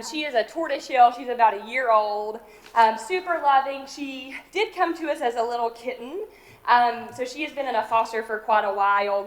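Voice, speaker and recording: A woman presents at a public meeting in a somewhat high voice. She is chatty and upbeat and leans on filler words as she talks through the shelter news. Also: a bit bright, low-quality recording. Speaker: animal services director. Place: county commission meeting room.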